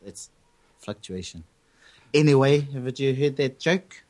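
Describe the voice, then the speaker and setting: Lively young host. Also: male voice, medium pitch, a little slow. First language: Māori. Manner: joking, loose, many fillers. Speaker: podcast host. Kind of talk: casual chat.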